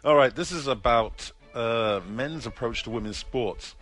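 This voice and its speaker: A man delivering an earnest, forceful opinion piece as a commentator. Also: medium pitch, a little slow, faint music behind. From Britain. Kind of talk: opinion monologue.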